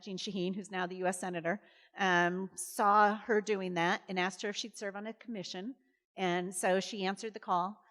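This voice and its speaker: A woman in her fifties, a former governor, telling stories in a chatty, animated way on stage, full of fillers and acted-out quotes. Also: on the low side. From Massachusetts. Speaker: guest speaker, former governor. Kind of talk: conversational storytelling on stage. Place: college event hall. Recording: reverberant hall.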